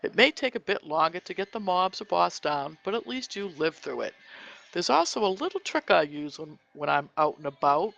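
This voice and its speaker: A man's voice: high voice, sing-song, moderate pace, creaky, a bit bright. A man presenting a scripted healing tips segment on a gaming podcast, reading in a friendly way with small hesitations. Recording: dull lo-fi recording.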